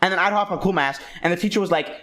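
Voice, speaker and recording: A man's voice: high voice, racing, sharp tone. A young man telling a rambling story in casual, profane talk, full of fillers and restarts.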